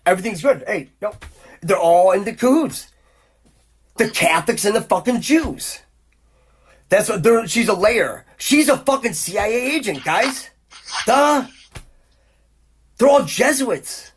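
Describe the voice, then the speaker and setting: Man, podcast host, husky, heated, profane, rambling. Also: high-pitched, expressive, unhurried, long pauses. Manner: repeats exclamations in rising bursts. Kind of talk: casual podcast rant.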